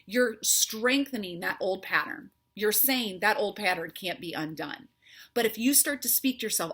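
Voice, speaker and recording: A faith-based health coach gives a motivational talk, speaking earnestly and encouragingly straight to her viewers. Her voice is medium-pitched, animated and a bit bright, with a breathy edge, at a moderate pace.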